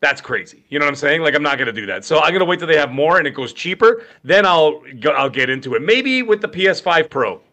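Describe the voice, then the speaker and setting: A man in his thirties co-hosting a casual gaming podcast, animated and joking, telling stories with voiced quotes. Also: a little high, quick pace, hardly any pauses. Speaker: podcast co-host. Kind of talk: casual chat.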